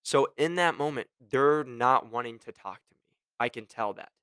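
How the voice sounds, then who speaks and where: Young man, energetic casual talk, sales advice vlog, middle pitch, dry close sound. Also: moderate pace, smooth, no echo. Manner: energetic, conversational, acts out phone calls; admits he gets passionate and curses. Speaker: medical device sales rep sharing advice.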